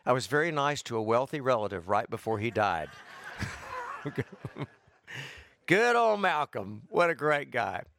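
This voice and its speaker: A man's voice: mid-range voice, animated, fairly quick, few pauses, background noise. A man preaching a sermon to his congregation, folksy and joking, with asides to the people in the pews. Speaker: pastor.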